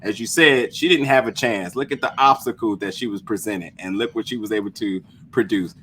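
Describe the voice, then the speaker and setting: A man's voice: lowish voice, a little fast, a bit bright, a little hiss or hum. A man hosting a casual podcast chat, speaking earnestly and encouragingly. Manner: earnest, encouraging, laid-back.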